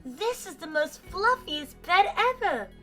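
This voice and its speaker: A woman's voice: high-pitched, normal speed, faint music behind, pitched above the performer's own voice, heavily acted. A woman doing a sweet fluffy goat boy. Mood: delighted. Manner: soft, excitable, squealing.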